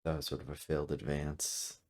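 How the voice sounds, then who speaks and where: A man commentating his own game at his computer, thinking out loud, correcting himself and trailing off with fillers, seated a little back from a desk mic. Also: a bass voice, little pitch movement. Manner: musing, self-correcting, halting with fillers. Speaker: gameplay commentator. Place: room at a computer. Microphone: desk mic, sitting back from it.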